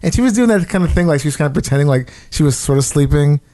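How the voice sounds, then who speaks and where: A man with a slightly raised pitch tells a story on a casual podcast. He talks in a lively way and swears a lot as he goes. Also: very fast. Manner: animated profane storytelling.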